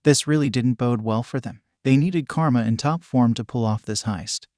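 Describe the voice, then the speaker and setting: A man narrating a fanfiction story in a steady reading voice. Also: mid-range voice, moderate pace, dry recording, studio quality.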